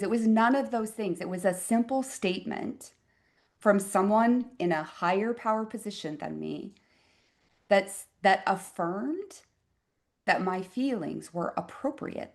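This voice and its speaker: A woman's voice: mid-range voice, unhurried. Reflective woman physician in her fifties. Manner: reflective, expressive, with wry asides. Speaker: physician guest. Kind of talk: conversational interview storytelling.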